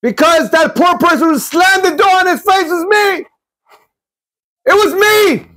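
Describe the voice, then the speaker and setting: A man's voice: fairly high pitch, flat delivery, fairly quick, mellow, breathy edge. A man doing a triumphant exclaiming husband. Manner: exclaiming, emphatic. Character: generous new husband, middle-aged man, triumphant.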